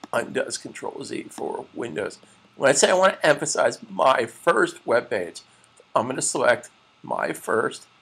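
A man's voice: a little high, creaky, a bit bright, slightly rough. A man teaching web page design in a screencast tutorial, often repeating and restating terms and calling viewers guys.

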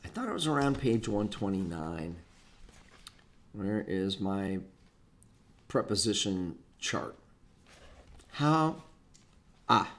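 Leading a casual Bible study on Greek grammar, this man speaks slowly with long pauses in a lowish, fairly bright voice. He's very animated, walking through each step while rambling and talking to himself as he searches a book.

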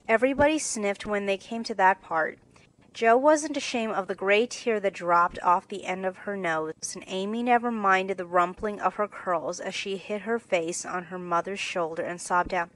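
A woman narrating a classic novel in a steady, clear scripted reading. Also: medium pitch, normal speed, low-quality recording. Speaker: audiobook narrator.

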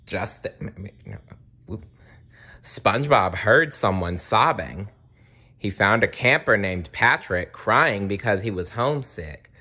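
A man reading a children's picture book aloud, expressive, with slips he corrects. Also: fairly low pitch, slow pace, slightly rough. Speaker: storybook reader.

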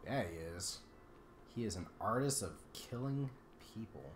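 A woman's voice: very deep voice, expressive, unhurried, a little hiss or hum. A woman co-hosting a gameplay video, chatting casually and teasing her partner with jokes. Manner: joking, teasing, playful. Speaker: let's play co-host. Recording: roomy echo.

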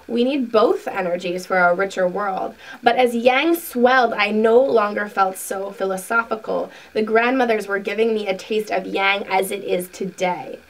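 A woman hosting a spiritual video, reading a book passage aloud slowly and earnestly, then talking casually to her viewers. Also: medium pitch, far from the mic, poor audio. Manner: slow, soft, earnest reading with asides.

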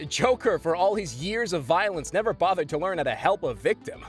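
Animated high-voiced male storyteller. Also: fairly quick, hardly any pauses, faint music behind. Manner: dramatic, expressive storytelling. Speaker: comic narrator. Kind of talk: scripted comedic story narration.

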